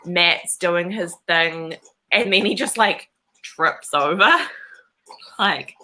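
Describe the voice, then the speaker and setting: A woman's voice: on the low side, slow, pushed and bright, low-quality recording. A woman in her thirties with a New Zealand accent and a slightly nasal voice, co-hosting a casual comics chat with lots of fillers. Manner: chatty, filler-heavy, upbeat. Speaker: podcast co-host.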